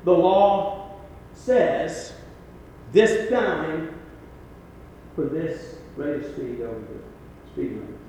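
A man's voice: a little high, big pitch swings, very slow, pauses often, mellow, distant mic, slight background noise, exaggerated voice. A man voicing a stern, matter-of-fact male judge in a story told during a sermon, heard in an echoey hall. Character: stern middle-aged male small-town judge. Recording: echoey hall with long reverb.

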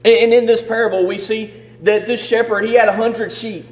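Man, preaching, emphatic repeated phrases, high voice, long hall reverb. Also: level tone, brisk, a little mellow. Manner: emphatic, repetitive preaching cadence. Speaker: pastor. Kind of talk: sermon.

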